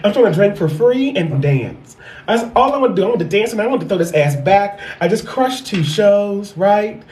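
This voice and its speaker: A sassy, foul-mouthed man in his thirties tells a stand-up story, circling back to repeat his best lines. His voice sits notably high. The sound rings around an echoey room. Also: animated, moderate pace, darkish tone. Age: 30s. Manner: sassy, profane, repeats punchlines. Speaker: stand-up comedian.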